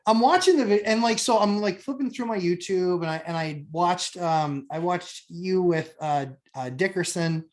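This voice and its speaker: A woman telling a story with animated exasperation, an investor chatting on a podcast. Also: fairly low pitch, moderate pace, hardly any pauses. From New Hampshire, USA. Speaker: real estate investor, co-host. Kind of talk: casual podcast chat.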